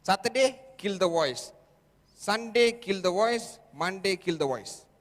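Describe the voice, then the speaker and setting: A man's voice: sits high, lively intonation, unhurried. A man giving an emphatic motivational sales training talk, repeating himself and checking in with the audience again and again. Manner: emphatic, repetitive, constant "okay?" checks with audience. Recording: echoey hall.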